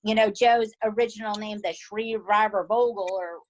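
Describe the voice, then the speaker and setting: A woman with a Southern US accent, co-hosting a podcast and recapping a TV series in animated, emphatic casual chat. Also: mid-range voice, moderate pace, poor audio. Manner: animated and emphatic, often asking "right?". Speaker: podcast co-host.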